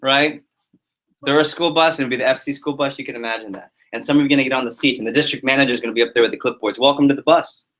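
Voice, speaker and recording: A man giving a motivational talk to his sales team as their liaison, animated and joking, acting out little scenes. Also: mid-range voice, very fast.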